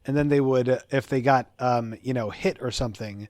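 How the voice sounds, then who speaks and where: A man's voice: medium pitch, fairly quick, a little mellow, no room sound. A male podcast co-host in casual chat, opinionated and prone to going off on tangents.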